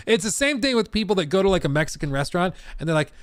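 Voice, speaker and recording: A man's voice: high-pitched, rapid-fire, smooth, no echo, studio quality. An American man in his thirties hosting a livestream, chatting casually with a rambling, laughing manner. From United States. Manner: animated, rambling, laughs often. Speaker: streamer host.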